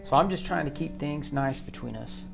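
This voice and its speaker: A man's voice: fairly high pitch, moderate pace, vocal fry, music in the background. A man voicing a driven father who coaches youth football, dry with friends and firm with his team, in an audiobook. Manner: dry, firm; bellows commands on the field.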